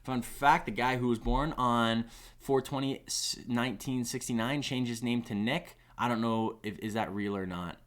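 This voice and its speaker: A man giving live esports commentary on a stream, excitable and rambling, often restarting his sentences. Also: mid-range voice, normal speed. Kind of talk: live esports commentary with chat shout-outs.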